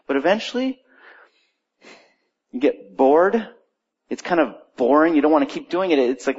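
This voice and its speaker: A middle-aged man preaching in church, opening with a quiet prayer, then telling a story in a conversational, animated way. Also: a little high, a little fast, slightly rough. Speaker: pastor. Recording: dull lo-fi church recording.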